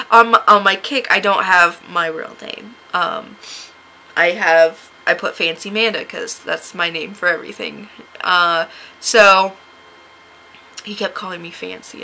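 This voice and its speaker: Bright-voiced American woman telling a story. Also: gravelly, slight background noise, rough recording. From United States. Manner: animated, jumps to a high shrill voice when acting out her replies; sarcastic, laughs often. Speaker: vlogger. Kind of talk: casual storytelling to camera.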